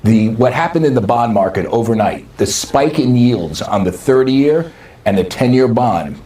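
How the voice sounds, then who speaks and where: A man's voice: mid-range voice, expressive, normal speed, mellow. A male business reporter giving confident market commentary, as if passing on inside information. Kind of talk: played news commentary clip. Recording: roomy, distant clip audio.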